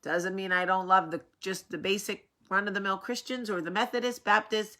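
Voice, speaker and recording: A woman hosting a casual vlog, talking to camera in a rambling, animated way, with a sore, swollen face after dental work. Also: medium pitch, normal speed. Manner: chatty, rambling, animated asides. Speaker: vlog host.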